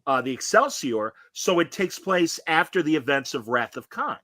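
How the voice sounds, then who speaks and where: A man's voice: fairly high pitch, sing-song, moderate pace, sharp tone, no echo. A man hosting a podcast, chatting in a casual, opinionated and rambling way over a video call, full of fillers. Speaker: podcast host. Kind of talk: casual review chat.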